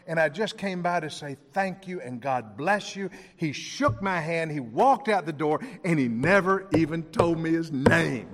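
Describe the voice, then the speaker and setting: A man's voice: on the high side, fairly bright tone, long reverb tail. A man preaching a sermon, telling stories with acted-out dialogue and chuckling along the way.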